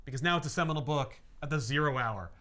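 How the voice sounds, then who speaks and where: A man's voice: mid-range voice, fast talker, bright, forceful tone. A man co-hosting a casual podcast, animatedly recapping a comic story with laughs and fillers. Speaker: podcast co-host.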